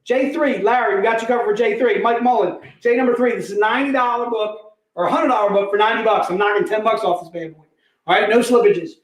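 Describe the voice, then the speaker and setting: A man hosting a live comic book sale, pitching deals in energetic, repetitive, joking hype talk. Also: fast talker. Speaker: host selling comic books. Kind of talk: live online sales pitch. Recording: echoey room.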